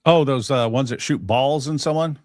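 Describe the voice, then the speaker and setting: A man's voice: medium pitch, moderate pace, darkish tone, no room sound, studio quality. A man co-hosting a livestream in casual chat, rambling and laughing at his own jokes. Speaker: co-host.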